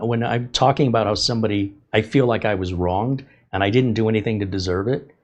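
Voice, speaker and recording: A man's voice: fairly low pitch, creaky, a little mellow. A man hosting a tech livestream, talking in a candid, emphatic, rambling way about his own mistakes. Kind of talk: casual livestream talk.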